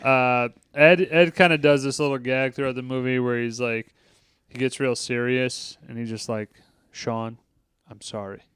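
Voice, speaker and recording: A man's voice: mid-range voice, steady tone, normal speed, fairly bright tone, clear, resonant tone, dry recording, clean studio sound. A man hosting a casual movie review podcast, talking loosely with some swearing and acting out lines from scenes. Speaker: podcast host.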